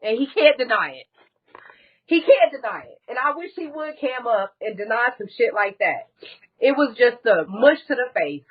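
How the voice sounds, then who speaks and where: A woman's voice: fairly high pitch, sing-song, normal speed, breathy edge, dull audio. A woman as a guest on a live stream, telling a painful personal story in a candid, blunt way and swearing often.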